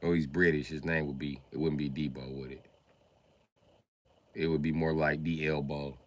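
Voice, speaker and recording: A man's voice: rumbling low, flat delivery, moderate pace, no room sound. An American man doing a live-stream comedy rant, riffing and swearing, and repeatedly addressing one listener. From United States.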